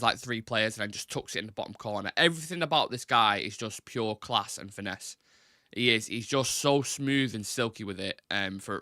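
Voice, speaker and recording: Chatty man, bright dry voice. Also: mid-range voice, dry recording. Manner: chatty, swears a lot, gets flustered with tech. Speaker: football podcast host. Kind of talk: casual solo chat show.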